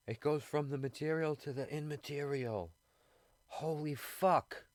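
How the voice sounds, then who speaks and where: A man rambling casually on a live radio show, swearing constantly, laughing often and sounding high. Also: measured pace, dry recording, clean studio sound.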